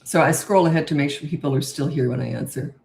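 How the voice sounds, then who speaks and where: An older woman who coaches parents, answering viewer questions live in a calm, unhurried, low and slow way. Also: vocal fry, echoey room, a little hiss or hum.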